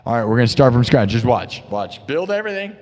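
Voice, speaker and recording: A man chatting casually on a live music stream, rambling and joking, with sudden bursts of hyped shouting. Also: mid-range voice, big pitch swings, fast. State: hand sore from playing. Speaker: livestreaming musician. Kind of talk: casual livestream chat between live music loops.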